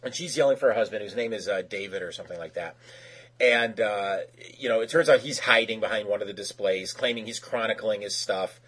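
A man's voice: lowish voice, fairly quick, fairly bright tone, slightly rough. A man recapping a cartoon episode in casual chat, rambling with lots of fillers and restarts, and acting out quoted characters in raised voices.

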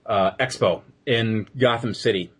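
With a low-ish, breathy-edged voice and a slightly slow pace, a man co-hosting an episode-review podcast retells an episode. The chat is casual, loose and rambling, packed with fillers.

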